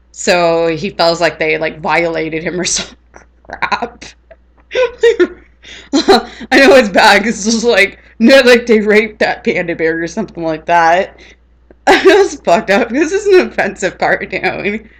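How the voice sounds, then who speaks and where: A woman's voice: fairly low pitch, fairly bright tone. A woman rambling in casual chat on her vlog, laughing often. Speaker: vlogger.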